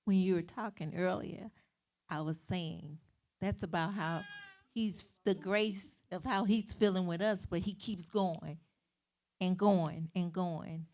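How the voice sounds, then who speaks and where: A woman's voice: fairly low pitch, takes it slowly, a little mellow. A woman from the congregation answering in a Bible study, reflective and thinking aloud. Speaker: church member.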